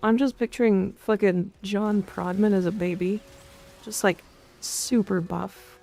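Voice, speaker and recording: Gravelly-voiced woman streamer, profane and offhand. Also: mid-range voice, fairly even intonation, unhurried, warm tone. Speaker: game streamer. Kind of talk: casual gaming stream chat. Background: faint background music.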